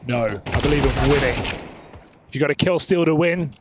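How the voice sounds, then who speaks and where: A man calls the action of a pro esports match with quick, emphatic bursts and easy banter. His voice sits a touch high. Clear in-game gunfire runs behind him. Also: background noise. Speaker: esports caster. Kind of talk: play-by-play commentary.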